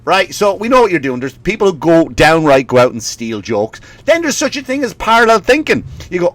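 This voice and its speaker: A man's voice: fairly high pitch, big pitch swings, a little fast, hardly any pauses, fairly bright tone, dry recording. An Irish man, a stand-up comedian, ranting in a rambling way, swearing often and laughing at his own stories. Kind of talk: comedic rant.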